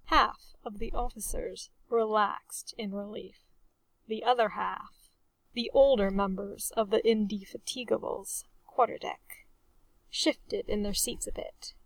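A woman reading a nautical adventure story aloud as an audiobook narrator, in measured storytelling. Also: medium pitch, vocal fry, a bit bright, no room sound, distant mic. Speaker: audiobook reader. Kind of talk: scripted narration.

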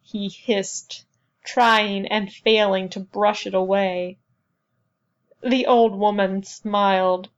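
A woman reading a novel aloud as narrator, in a measured, even storytelling manner. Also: medium pitch, lo-fi sound. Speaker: audiobook narrator. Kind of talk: scripted narration.

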